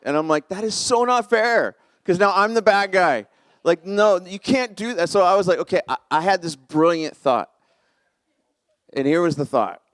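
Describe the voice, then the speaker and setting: A man's voice: mid-range voice, clean tone, no room sound. A man in his forties preaching a conversational, self-deprecating sermon as pastor, often laughing at himself.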